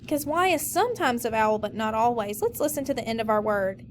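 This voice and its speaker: Woman teacher, recorded lesson, slightly high voice, stretches words out slowly, faint noise. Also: animated. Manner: slow, drawn-out modeling of words.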